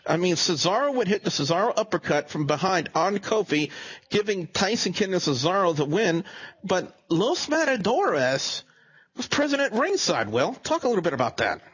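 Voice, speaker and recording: A man hosting a casual podcast, giving a steady recap of a wrestling show. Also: sits high, normal speed, slightly rough, dull audio.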